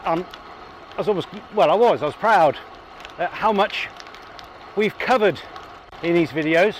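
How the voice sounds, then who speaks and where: A man's voice: sits high, unhurried, slight background noise. A man in casual, chatty narration while riding a bike outdoors, thinking aloud with fillers, recorded on an action camera. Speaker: cycling vlogger. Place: outdoors on a bike, roads and a greenway with tunnels.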